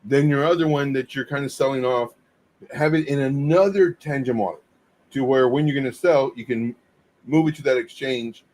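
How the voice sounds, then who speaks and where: A man's voice: mid-range voice, moderate pace, a little mellow. A man co-hosting a casual livestream chat, blunt and teasing, often restarting his sentences.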